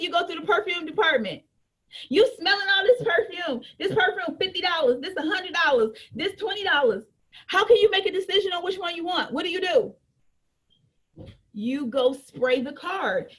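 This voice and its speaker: A woman's voice: high voice, a bit bright. A woman giving an emphatic, joking business training talk, repeating her points and preaching to her team.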